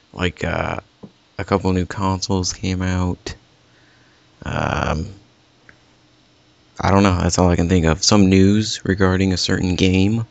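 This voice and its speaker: A man's voice: sits low, vocal fry, no echo, highs cut off. A man hosting a casual gaming podcast, rambling and correcting himself as he chats with a friend. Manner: rambling, self-correcting, animated. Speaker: podcast host.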